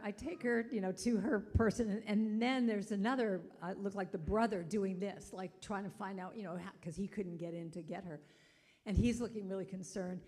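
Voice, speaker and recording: A middle-aged woman giving a chatty sermon, telling stories and acting out quotes. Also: mid-range voice. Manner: chatty, animated storytelling with acted-out quotes. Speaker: guest speaker. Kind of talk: sermon storytelling. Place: church sanctuary.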